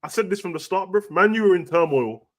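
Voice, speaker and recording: A man's voice: sits high, lively intonation, fast talker, a bit bright. A man, chatting casually and animatedly about football and boxing as a podcast host, dropping slang constantly. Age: adult with a young son. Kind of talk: casual chat.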